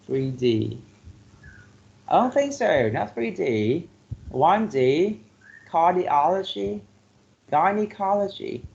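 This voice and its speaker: A male teacher going through a vocabulary exercise, slowly repeating each word and filling pauses with "like" and "okay". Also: on the high side, big pitch swings, creaky, a little mellow. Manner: slow, repeats words to drill pronunciation; filler-heavy, says "like" and "okay" often. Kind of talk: classroom lesson on word stress. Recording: dull lo-fi classroom recording with faint noise.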